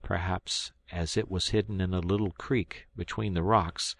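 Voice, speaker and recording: A man from South Carolina narrating a public-domain audiobook in a measured, steady reading. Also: deep voice, vocal fry. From South Carolina, United States. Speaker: volunteer audiobook reader.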